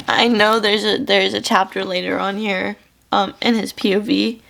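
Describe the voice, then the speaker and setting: A woman's voice: mid-range voice, level tone, normal speed, creaky, fairly bright tone, a little hiss or hum. A young woman chatting casually in a reading vlog, gushing about a book with lots of fillers, tearful at times. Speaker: book vlogger.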